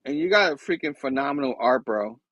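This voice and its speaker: A man's voice: medium pitch, expressive, fairly quick, fairly bright tone, dry recording, dull audio. A man hosting a casual comic book review chat, enthusiastic and rambling. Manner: enthusiastic, rambling, acts out characters' lines. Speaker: host.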